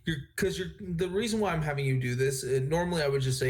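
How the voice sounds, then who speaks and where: A man's voice: on the high side, fast talker, darkish tone. Male game master, rambling, restarts sentences mid-thought while narrating scenes. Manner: rambling, self-correcting narration.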